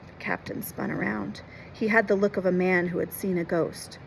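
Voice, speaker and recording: Expressive woman reading a classic to kids. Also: on the low side, normal speed, gravelly, slight background noise, rough recording. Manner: expressive, stops to explain words. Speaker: storyteller and teacher. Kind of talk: reading a classic novel aloud with explanations for children.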